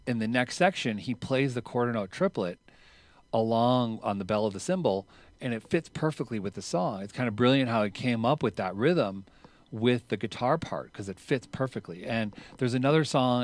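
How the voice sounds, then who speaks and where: A man teaching drums in a relaxed, chatty way, explaining rhythms and counting triplets out loud as he plays. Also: on the low side, no echo. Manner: counts triplets out loud over drumming, louder while counting; casual and chatty, with fillers. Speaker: drum teacher. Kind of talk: relaxed instructional talk.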